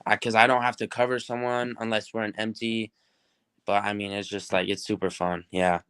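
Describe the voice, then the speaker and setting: Upbeat young man, smooth flat voice. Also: lowish voice, moderate pace, dry recording. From New Mexico. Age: teens. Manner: upbeat, rambling with many fillers and restarts. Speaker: football recruit guest. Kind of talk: casual interview answers.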